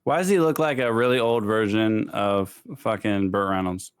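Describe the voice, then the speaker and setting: A man's voice: on the low side, moderate pace, smooth, dry recording, studio quality. A man co-hosting a podcast, making teasing and sarcastic remarks in casual chat. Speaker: podcast co-host.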